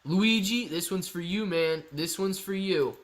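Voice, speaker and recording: Laid-back male live-stream host, high voice. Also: unhurried. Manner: laid-back, calls viewers "man" and "dude", explains patiently. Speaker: live-stream host answering chat questions. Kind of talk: casual live-stream chat.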